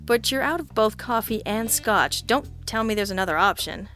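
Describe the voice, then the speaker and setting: A woman reading the lines of a wry, deadpan male detective partner in an audiobook, with dry, offhand quips. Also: fairly high pitch, moderate pace, faint music behind.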